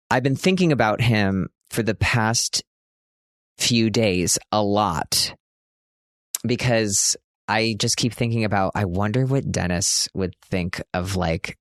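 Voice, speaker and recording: A man's voice: on the low side, no room sound, studio quality. A man hosting his own podcast, talking in an earnest, chatty way with plenty of "like" fillers, in a reflective solo monologue. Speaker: podcast host.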